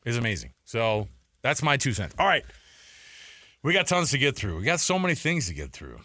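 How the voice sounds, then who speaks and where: Co-hosting a sports radio show, this man chats casually and tells stories, laughing a lot as he goes. His voice sits at medium pitch and moves a little fast, with no echo in the recording.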